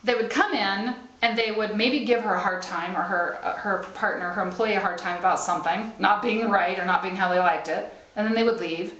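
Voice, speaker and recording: A woman's voice: mid-range voice, a little fast, few pauses, a bit bright, muffled recording. A middle-aged woman speaker giving a live sermon to a small group, talking conversationally, laughing often and checking in with "right?". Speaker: spiritual speaker. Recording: roomy live stream recording.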